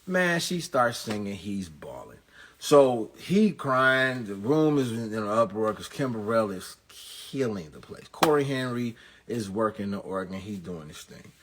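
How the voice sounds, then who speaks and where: A pastor, recapping an event as a comedic story, full of quick jokes and asides. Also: male voice, fairly low pitch, slight background noise. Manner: animated, jokey, rapid asides and punchlines.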